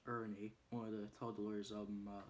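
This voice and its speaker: A man's voice: fairly low pitch, flat delivery, normal speed, slight background noise. Hesitant man retelling a film plot. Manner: hesitant, many ums and uhs. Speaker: movie reviewer.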